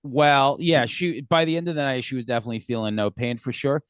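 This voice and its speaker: A man's voice: medium pitch, fast, clear, resonant tone, no echo, clean studio sound. A man hosting a casual podcast chat, easygoing and agreeable with frequent chuckles. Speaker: podcast host.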